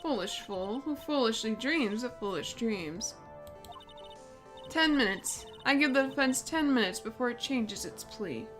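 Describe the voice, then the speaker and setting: A woman's voice: fairly high pitch, lively intonation, fairly bright tone, faint music behind. A woman voicing an arrogant young female prosecutor who talks in a cold, commanding way. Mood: scornful. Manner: haughty, cold, slow and commanding.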